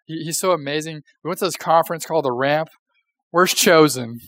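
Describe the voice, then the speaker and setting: A man's voice: fairly high pitch, a little fast, fairly bright tone. A young man preaching a casual, conversational sermon, joking and asking the audience questions. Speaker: pastor.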